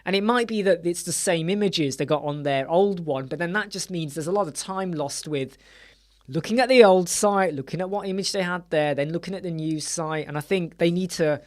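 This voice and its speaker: A man in his forties runs a casual web design livestream, his voice a little high and a little fast. He wanders from topic to topic, jokes around, and often stops mid-thought to interrupt himself.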